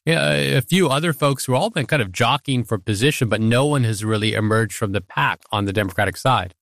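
A man talking through politics in a conversational way, with many "uh" pauses. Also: medium pitch, gravelly, fairly bright tone, dry recording, clean studio sound. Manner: thoughtful, frequent "uh" pauses. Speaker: podcast co-host. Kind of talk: conversational analysis. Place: studio in Washington.

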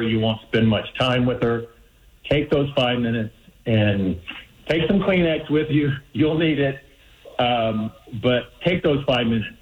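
An older man calling in to a radio show, giving heartfelt advice in an earnest way and slowing down to stress points. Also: mid-range voice. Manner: earnest, heartfelt, slows for emphasis. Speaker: caller. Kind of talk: phoned-in advice. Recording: dull lo-fi phone-in line.

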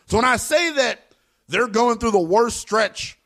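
A man giving emphatic, opinionated sports commentary in a slangy, animated way. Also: very high-pitched, a little slow.

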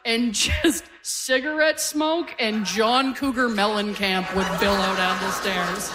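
A woman's voice: mid-range voice, slow pace. A middle-aged woman doing a stand-up comedy set, telling family stories and acting out the people in them. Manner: storytelling, acting out family members in quotes. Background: audience laughter.

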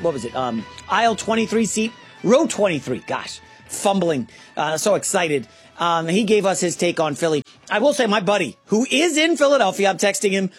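An animated male sports radio host rattles off opinions in a chatty monologue, his pitch swinging up and down. He stumbles through fillers and restarts, and soft music sits faintly behind him. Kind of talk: sports talk show monologue.

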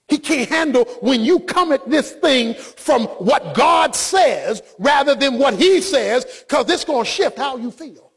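A male preacher delivering an impassioned sermon that often rises to shouting. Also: extremely high pitch, a little slow, gravelly, hardly any pauses.

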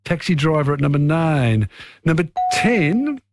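Chatty radio quiz host. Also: male voice, a little high, sing-song, a little slow, no room sound, studio quality. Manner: chatty, takes callers one after another.

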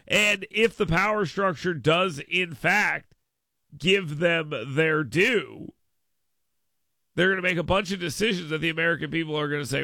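A man hosting a political talk radio show in a studio, delivering an animated monologue and acting out mocking quotes in a raised voice. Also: on the high side, moderate pace, creaky, dry recording.

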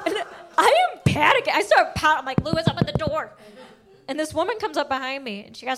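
A young female comic talks fast in a high voice during her club stand-up set. She tells her story with lively energy, switching into the voices of the people she quotes.

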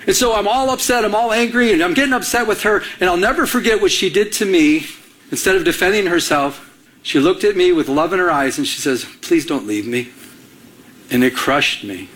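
A man's voice: high voice, fairly quick. A man preaching a sermon, telling a personal story and acting out the dialogue in it. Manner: animated storyteller, acts out quoted dialogue. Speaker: pastor.

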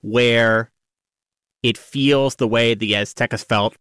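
A man radio host talks with his guest in an easy, conversational way. The sound is dry and close, his pitch mid-range for a man. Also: fairly even intonation, slow pace, a bit bright, smooth, no echo. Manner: conversational, appreciative. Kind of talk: interview questions.

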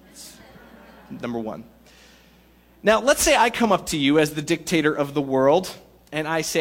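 A man preaching a sermon in a lively, conversational way with playful asides. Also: fairly high pitch, moderate pace, long pauses. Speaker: pastor.

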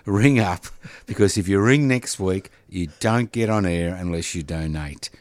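A man hosting community radio, joking and teasing his co-host with loud bursts. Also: low-pitched, unhurried, no room sound.

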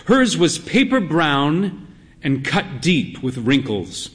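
Unhurried, lively-voiced male storyteller. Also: a little high. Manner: dry, wry storytelling. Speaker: narrator. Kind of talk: scripted literary narration.

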